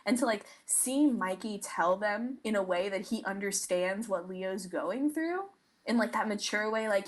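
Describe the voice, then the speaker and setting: A young woman co-hosts a casual fan podcast. She talks in an excitable, gushing way, her sentences full of "like". Her voice sits at an ordinary middle pitch. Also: normal speed. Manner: gushing, excitable, many "like" fillers. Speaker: podcast co-host.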